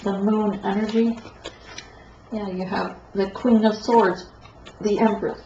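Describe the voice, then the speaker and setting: A woman's voice: medium pitch, fairly even intonation, dark tone. Stuffed-up woman reading tarot cards. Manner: meandering, halting, self-correcting. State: stuffed-up nose. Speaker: tarot reader. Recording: echoey room, dull lo-fi sound, faint noise.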